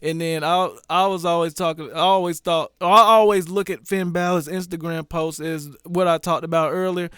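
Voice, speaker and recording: A man with a smooth, fairly high voice chats casually on a podcast. He rambles with lots of fillers and laughs easily. The recording is close and dry. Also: steady tone, normal speed, few pauses, a bit bright, no room sound. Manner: laughs often, loose rambling with many fillers. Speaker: podcast co-host. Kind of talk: casual chat.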